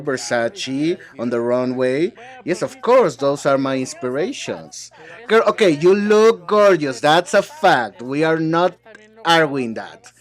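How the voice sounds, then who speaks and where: A man voicing an English dub of reality-show banter alone, sassy and bickering as he switches between several speakers. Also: on the high side. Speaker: translator dubbing a reality show.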